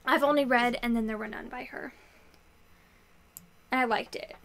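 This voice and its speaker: Chatty young woman with a high voice. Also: fairly even intonation, moderate pace, vocal fry, fairly bright tone, slight background noise. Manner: chatty, lots of "like" fillers. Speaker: book vlogger. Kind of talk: casual book review chat.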